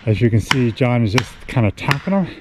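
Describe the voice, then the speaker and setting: A man hosting his show while logging in the winter woods, explaining in a plain, folksy, unhurried way. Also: mid-range voice, very animated. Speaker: host, horse logger. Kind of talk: casual explaining while working. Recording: loud outdoor work noise, wedge tapping. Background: hammering and chopping.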